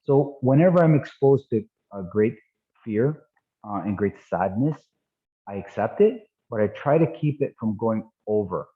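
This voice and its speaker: A man in his fifties gives an online training talk with a somewhat low voice. He speaks conversationally, often repeating himself and checking in with the group. The sound is thin and phone-like, as if over a video call. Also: animated, measured pace. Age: 50s. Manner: conversational, repeats words, asks "right?". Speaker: martial arts instructor. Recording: tinny phone-like call audio.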